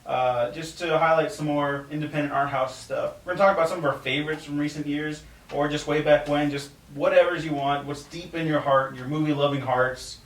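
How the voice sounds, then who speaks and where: A man's voice: a little high, fairly even intonation, brisk, few pauses. A man hosting a movie podcast, upbeat and jokey, steering the conversation. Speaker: podcast host. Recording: roomy, distant mic, faint noise.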